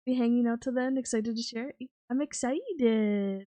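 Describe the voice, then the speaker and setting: A woman livestream host chatting casually from her home setup. Her voice sits a touch high, and she rambles through plenty of ums and giggles as she talks to her viewers. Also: slow pace, warm tone. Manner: rambling, lots of fillers, giggly. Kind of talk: casual chat.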